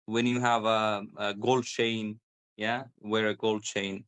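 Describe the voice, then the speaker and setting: Man slowly demonstrating word stress. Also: fairly low pitch, flat delivery, a bit bright, clear, resonant tone. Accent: British. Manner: repeats example words slowly to demonstrate stress. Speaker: guest English pronunciation speaker. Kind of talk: explanatory conversation.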